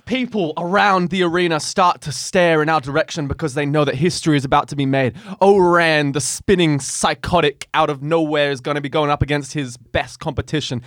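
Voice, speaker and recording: A man spins a crude, animated anecdote for his podcast co-hosts, laughing as he goes. His voice sits a little high for a man. The sound is dry and close, with no room around it. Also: fairly quick, hardly any pauses, no room sound. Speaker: podcast co-host. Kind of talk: casual storytelling chat.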